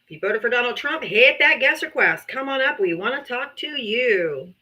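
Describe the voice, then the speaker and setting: A woman hosts a live debate stream in a casual, blunt way, swearing freely and sounding exasperated. Her voice sits a little high and rings bright and forceful. She speaks into a streaming mic at home. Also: expressive, normal speed, lo-fi sound. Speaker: livestream debate host. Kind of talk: casual livestream talk.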